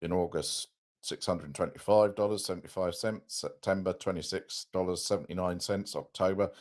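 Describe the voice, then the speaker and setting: A male host with a very low voice reading out a court document, steady and plain. He moves through figures and dates in a measured way.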